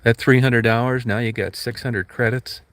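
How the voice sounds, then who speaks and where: A man's voice: medium pitch, steady tone, moderate pace, fairly bright tone. A man talking casually and bluntly, rambling through stories and acting out quotes, with some swearing. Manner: blunt, profane storytelling with acted quotes.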